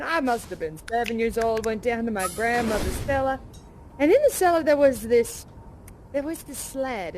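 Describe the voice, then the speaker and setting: A plucky folksy 1930s aviator. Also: female voice, sits high, slight background noise. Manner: folksy, hearty, animated storyteller. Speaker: live actor in a virtual reality theater show. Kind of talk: interactive theatrical role-play with an audience.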